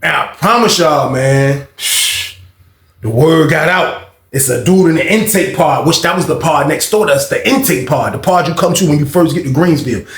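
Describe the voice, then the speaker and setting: A man tells a story in a casual vlog, animated and profane, jumping between shouts and hushed asides. His voice sits a little high and rings in an echoey room. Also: moderate pace.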